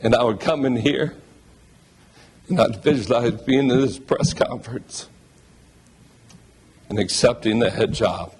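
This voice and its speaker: A man's voice: mid-range voice, unhurried, pauses often, darkish tone, slightly rough. A man speaking as a new head basketball coach at a press conference, heartfelt, emotional and thankful.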